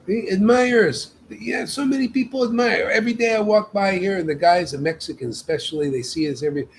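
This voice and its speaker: This informal devotional sermon comes from a man with a high voice who talks a little fast, barely pausing, while leading a meetup. His preaching is emphatic and casual, frequently tagged with "man," and the rough recording carries some hiss or hum.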